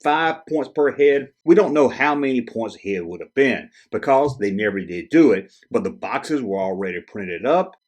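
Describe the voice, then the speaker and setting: A man's voice: medium pitch, animated, moderate pace, hardly any pauses, a little mellow. A man hosting a toy collecting video, explaining things in a casual, conversational way and asking viewers questions. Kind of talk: casual explanatory chat to camera.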